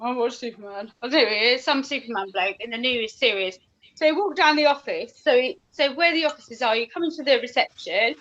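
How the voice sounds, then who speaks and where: A high-pitched woman chats away, laughing as she tells rambling stories. The audio is dull and lo-fi. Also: fairly quick, fairly bright tone. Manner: bubbly, laughing, rambling storyteller. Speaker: radio presenter guest. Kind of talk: casual chat.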